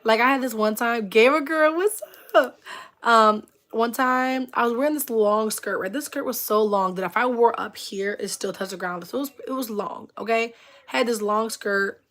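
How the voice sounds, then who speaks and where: At a normal speed and in a slightly high voice, a woman hosting a casual livestream rambles through stories full of "like." She's expressive, often laughing, and welcomes viewers in chat.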